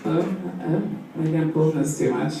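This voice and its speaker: A woman stand-up comedian telling a story in an animated way, laughing through her lines and acting out voices, recorded from far back in a comedy club. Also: deep voice, moderate pace, vocal fry, crowd noise. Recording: echoey club room from far off, audience noise.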